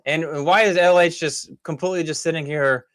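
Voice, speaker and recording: A man's voice: a little high, fairly even intonation, a little fast, a bit bright, no room sound, clean studio sound. A man giving casual commentary over clips, rambling with many fillers and restarts, critical and exasperated. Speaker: commentary host.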